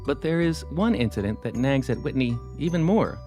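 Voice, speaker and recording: A man narrates a podcast from a script, his pitch rising and falling widely. He builds suspense with dramatic pauses between phrases. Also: expressive, darkish tone, faint music behind.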